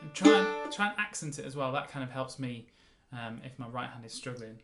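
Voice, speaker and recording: A man teaching a mandolin lesson, explaining in a relaxed way and counting the beats aloud. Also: mid-range voice, fairly quick, over loud music. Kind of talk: casual music lesson. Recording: roomy sound with mandolin playing.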